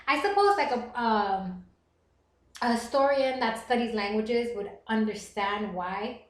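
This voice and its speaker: A woman streaming live, chatting casually with viewers and reading their comments aloud, animated and quick to laugh. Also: a little high. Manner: animated, laughs often, reads chat aloud. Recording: roomy echo.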